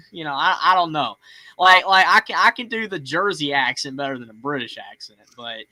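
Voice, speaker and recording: A Southern man with a bright, sharp voice chats loosely as a call-in show host, rambling through fillers and restarts. His voice sits a bit high for a man and sounds close and dry. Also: animated, normal speed, no room sound. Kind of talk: casual chat.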